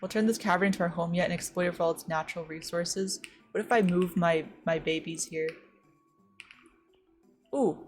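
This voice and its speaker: A young American woman from the West Coast, streaming a game and chatting casually, full of "like" fillers and quick gasps and squeals. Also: on the low side, faint music behind. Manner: chatty, says "like" a lot, startled gasps and squeals while playing. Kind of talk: casual chat while gaming.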